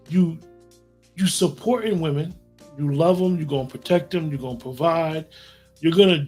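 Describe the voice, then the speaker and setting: Man, podcast host, rambling and repetitive delivery, husky tone, slightly higher pitch, faint music underneath. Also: a little mellow. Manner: rambling, repeats himself when making a point. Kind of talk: casual podcast discussion.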